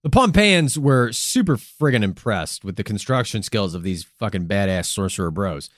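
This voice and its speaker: A man's voice: fairly low pitch, expressive, normal speed, no room sound, studio quality. A man co-hosting a comedic history podcast, narrating in a crude, profane, playful way with silly vocal asides. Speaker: podcast co-host.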